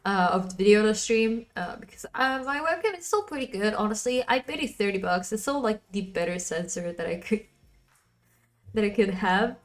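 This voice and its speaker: A woman's voice: mid-range voice, animated, normal speed, faint music behind. A woman streaming live, chatting casually and rambling as she answers her chat.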